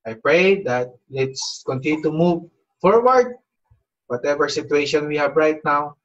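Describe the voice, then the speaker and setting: A man preaching a devotional message in a slightly high voice, slow and unhurried. He talks earnestly and exhorts his listeners, often reaching for "you know". The recording sounds dull and lo-fi. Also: animated, fairly bright tone. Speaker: pastor. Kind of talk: devotional sermon.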